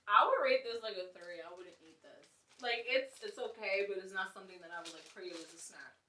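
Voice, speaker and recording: A young woman co-hosting a casual podcast, giving laid-back, candid opinions on snacks and bursting into loud laughter. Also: mid-range voice, a little fast. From Haiti. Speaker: podcast co-host. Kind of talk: casual chat, food tasting. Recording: echoey room, mic at a distance.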